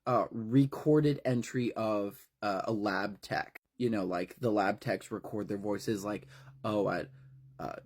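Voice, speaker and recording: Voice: mid-range voice, a little slow, hardly any pauses, darkish tone, slightly rough. A narrator casually retelling a horror novel part by part, talking in a wry, conversational way with frequent fillers.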